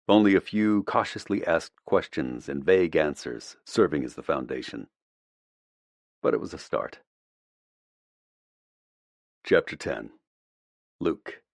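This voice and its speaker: A man narrating a first-person audiobook in a measured, reflective way, close to the mic. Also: sits low, lively intonation, gravelly, no echo.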